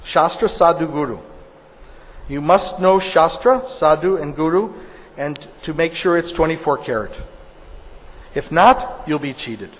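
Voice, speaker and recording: A man preaches in a fairly high, emphatic voice, telling stories and hammering points home by repeating phrases. A long hall reverb follows his words. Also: measured pace, pauses often. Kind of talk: sermon.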